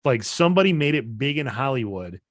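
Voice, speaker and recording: Podcast co-host, man in his 30s, mid-pitched voice, easygoing and rambling, dry close sound. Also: brisk, dry recording. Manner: relaxed, rambling with fillers and restarts. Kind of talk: casual podcast chat.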